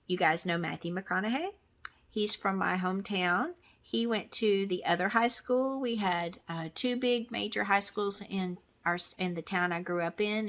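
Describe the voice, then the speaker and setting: A middle-aged woman from Texas, USA, chats casually to camera for her crafting vlog, rambling with lots of ums and restarts. Her voice is on the low side with a fairly bright tone.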